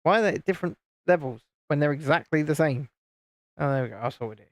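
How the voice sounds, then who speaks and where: A man's voice: quick pace, dry recording. A man from the UK casually chatting on a live stream while building LEGO, teasing his friends and reading out viewer comments. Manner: mimics friends in higher voices.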